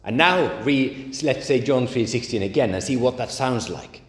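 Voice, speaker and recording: Man, sermon, emphatic slow stresses, animated pitch, roomy echo. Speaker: preacher. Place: church. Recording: echoey church hall.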